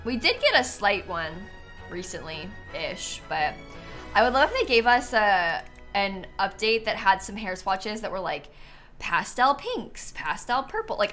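A woman's voice: medium pitch, big pitch swings, measured pace, bright, forceful tone, faint music behind. A woman streamer chatting casually while she plays a life-sim game, thinking aloud and sounding a little sleepy. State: sleepy, yawning. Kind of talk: casual gameplay commentary.

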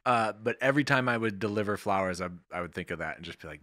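A man's voice: low voice, fast talker. A man hosting a casual podcast interview, laughing along and prompting his guest. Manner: relaxed, laughs along and prompts with short replies. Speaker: podcast host. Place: podcast studio.

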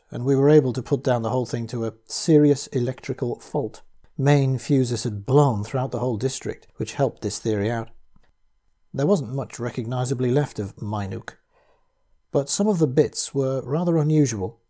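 A man reading a first-person horror tale aloud, his delivery measured and grave. His voice is mellow and warm, with a husky grain to it. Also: medium pitch. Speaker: audiobook reader.

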